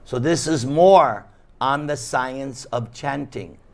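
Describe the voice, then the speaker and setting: A man with a New York accent giving a devotional lecture, slow and emphatic, leaning hard on key words with a playful touch for his live audience. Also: mid-range voice, darkish tone. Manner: slow, emphatic, sing-song rise and fall on key words. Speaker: monk lecturer.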